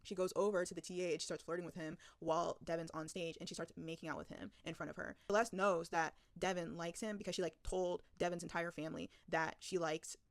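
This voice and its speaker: A young woman giving a casual, profane movie recap, talking rapidly and scattering "like" everywhere. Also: on the low side, steady tone, gravelly, no echo.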